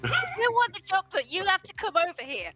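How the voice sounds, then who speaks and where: A woman's voice: extremely high pitch, wildly swooping pitch, quick pace, over music. A woman joking playfully with friends on a casual stream. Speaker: regular cast member. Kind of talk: casual chat.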